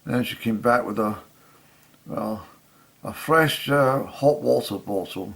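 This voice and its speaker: An older man, casually reminiscing in a halting way with many restarts. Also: medium pitch, creaky, fairly bright tone, slightly rough. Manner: halting, full of restarts and fillers. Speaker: storyteller.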